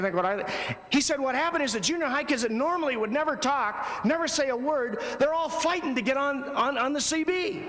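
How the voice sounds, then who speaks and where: A man giving a conversational talk at a youth ministry convention, telling stories with loud bursts and quiet lows. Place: large hall before an audience. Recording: long hall reverb.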